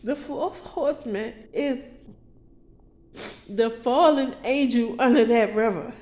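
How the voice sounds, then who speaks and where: Taking it slowly in a slightly high, somewhat mellow voice, a woman vlogs a rambling confession laced with profanity. Her monologue turns preachy, with abrupt outbursts and false starts where she stumbles and begins again.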